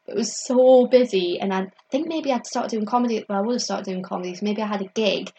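A young woman telling a story in casual chat. She talks in a chatty, animated way, full of "like" fillers, and often acts out what other people said. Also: mid-range voice, quick pace, a little hiss or hum. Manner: laughs often mid-story. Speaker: comedian guest telling stories.

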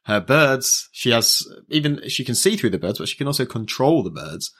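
A man's voice: mid-range voice, very animated, normal speed, fairly bright tone. A man co-hosting a casual podcast, retelling a story in a rambling, hesitant way with many fillers and restarts. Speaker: podcast co-host. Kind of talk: casual chat recapping an anime.

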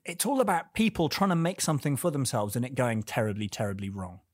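A man's voice: mid-range voice, sing-song, fast talker, dry recording. Chatty man, dry close mic. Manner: chatty, playful, tangent-prone. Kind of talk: casual film discussion.

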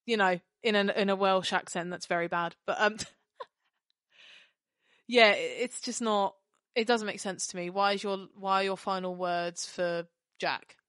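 A woman co-hosting a podcast in casual chat, animated and rambling, apologising and laughing often. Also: medium pitch, measured pace, dry recording, clean studio sound. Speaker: podcast co-host.

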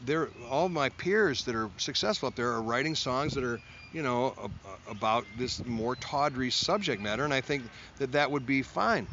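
The man, a musician, rattles off a casual studio anecdote with hardly any pauses, his medium-pitched voice expressive, pushed and bright at a normal speed. He rambles, mocks himself and acts out the others in the story. The sound is dull and lo-fi, with faint noise.

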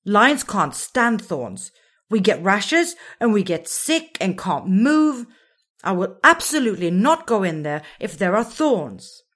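A woman doing a loud, excitable young lioness. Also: on the low side, normal speed, breathy edge. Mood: stubborn. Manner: excitable, emphatic, chatty.

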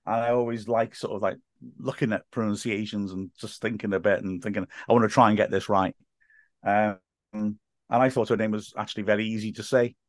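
A man who works as a football commentator, telling stories as a podcast guest in lively, laugh-filled casual chat. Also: fairly low pitch, brisk, no room sound, studio quality. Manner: animated storyteller, laughs often, acts out quotes.

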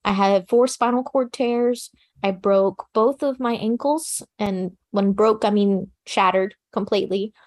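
A woman recounting a personal survival story in an interview, speaking in a calm, practical, matter-of-fact way with casual fillers. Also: medium pitch, measured pace. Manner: plain conversational fillers like "you know" and "like". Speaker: interview guest.

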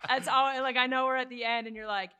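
A woman's voice: high-pitched, fairly even intonation, sharp tone, smooth, muffled recording. A woman asking questions in a casual live Q&A, upbeat and chatty. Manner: upbeat, chatty, quick to laugh. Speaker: interviewer.

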